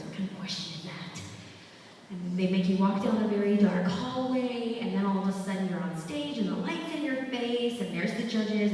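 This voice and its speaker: A young woman giving a motivational talk to students at a school, telling her story in a lively, chatty way with asides to the crowd. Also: medium pitch, slight background noise. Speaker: guest speaker at a school. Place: school hall. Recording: echoey hall from far off.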